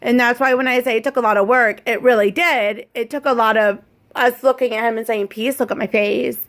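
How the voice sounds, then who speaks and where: A woman with a somewhat high-pitched voice, chatting casually as a co-host and parent. She talks thoughtfully, explains things with care, and often rephrases her questions as she works them out. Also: steady tone, fairly quick, fairly bright tone. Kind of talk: casual chat.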